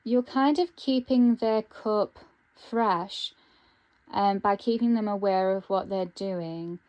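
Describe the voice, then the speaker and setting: A woman's voice: medium pitch, takes it slowly, a little mellow, highs cut off. Musing woman reading tarot. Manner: musing, thinking aloud with many ums. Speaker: tarot reader. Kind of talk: intuitive tarot reading to camera.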